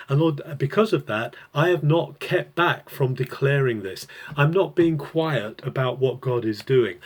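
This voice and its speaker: Man, Bible teacher, earnest explanatory devotional talk, mid-pitched voice, unscripted. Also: slightly rough.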